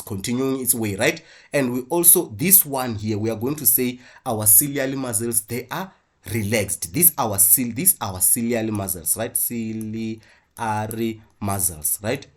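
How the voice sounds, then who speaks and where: A husky-voiced man with a South African English accent teaches an online class at a medium pitch. He explains step by step as he draws, often stopping to ask "right?" and restarting his words. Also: darkish tone. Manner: explains while drawing, frequent "right?" checks, restarts.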